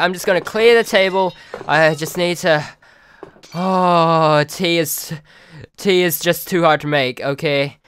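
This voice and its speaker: A man narrating his own gameplay in an exasperated running commentary, often begging the game objects to cooperate. His speech is slow and unhurried, with a smooth, clear tone. The sound is dry and close, with no room echo. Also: fairly high pitch, fairly bright tone. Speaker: gaming video host. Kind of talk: let's play commentary.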